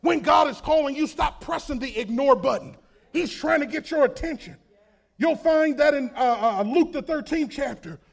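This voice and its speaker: A man preaching a sermon, swinging from quiet asides to shouted exhortation. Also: very high-pitched, creaky.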